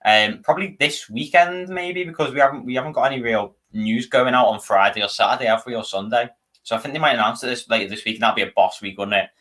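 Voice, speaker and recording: A young man, co-hosting a casual football chat and rambling with lots of restarts. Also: medium pitch. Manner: fast, animated, rambling with many restarts. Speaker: fan channel co-host.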